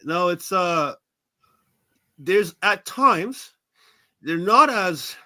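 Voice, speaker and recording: Man from New York City, high voice, very lively pitch, acts out quoted voices, laughs a lot, interview guest. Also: extremely slow. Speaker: guest, pro wrestler. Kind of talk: casual interview storytelling.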